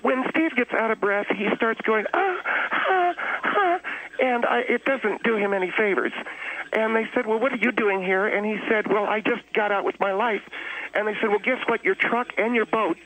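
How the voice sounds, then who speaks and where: A man playing a fussy, sharp-tongued wife who mocks her husband in a comedy improv. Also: sits high, fairly even intonation, rough recording. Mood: mocking. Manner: nagging, quick to mock.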